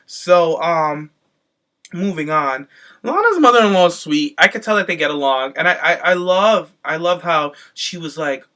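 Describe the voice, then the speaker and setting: Sassy, gossipy man with a bright voice. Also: on the high side, animated, normal speed. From Cape Verdean heritage. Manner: sassy, gossipy, swears freely, acts out voices of others. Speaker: podcast host recapping a reality show. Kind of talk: casual chat.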